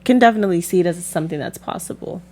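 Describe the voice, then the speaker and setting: A woman talking in a relaxed, easygoing way during a casual podcast chat. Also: lowish voice, racing, a little hiss or hum.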